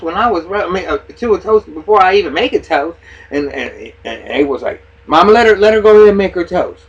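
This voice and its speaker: A man giving a casual, gossipy TV recap, animated and profane, talking straight to his viewers. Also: mid-range voice, vocal fry, slight background noise, rough recording. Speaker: TV show recap vlogger.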